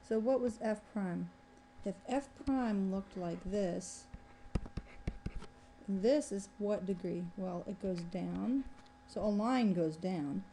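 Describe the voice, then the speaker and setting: A woman's voice: medium pitch, takes it slowly, warm tone, slight background noise. A woman math professor giving a recorded exam review, thinking aloud and pointing at a graph as she works through the problem.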